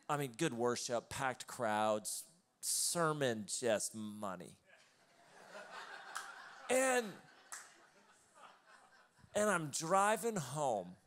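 A man's voice: medium pitch, fairly bright tone, slight background noise. A male pastor preaching a live sermon in a church, telling stories in a loose conversational way with laughing asides. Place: church auditorium, live service.

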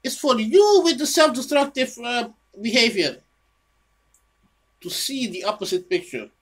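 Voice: mid-range voice, lively intonation, measured pace, a bit bright, husky. A person giving a rambling unscripted monologue about their own research, often repeating words and restarting phrases, and scolding an imagined listener. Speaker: home video presenter showing own research.

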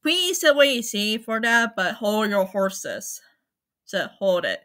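A woman hosting her own channel, talking casually to viewers in a halting, apologetic way, with many fillers and restarts. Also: medium pitch, sing-song, sharp tone. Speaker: anime channel host. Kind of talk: casual spoken rundown to viewers.

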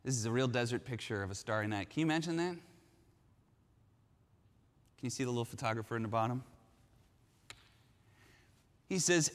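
A man preaching a sermon as pastor, telling stories in an animated way with frequent restarts. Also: mid-range voice, a little fast, long pauses, big-room sound.

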